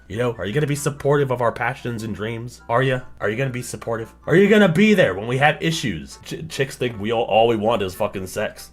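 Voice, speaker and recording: A young man streaming a reaction, swearing and exclaiming in disbelief as casual commentary. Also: mid-range voice. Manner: incredulous, profane, exclaiming.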